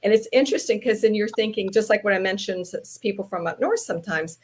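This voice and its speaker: Woman, Southern US accent, animated, podcast guest, casual chat. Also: medium pitch, quick pace, slight background noise. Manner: animated, playful storyteller. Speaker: podcast guest, trainer and speaker.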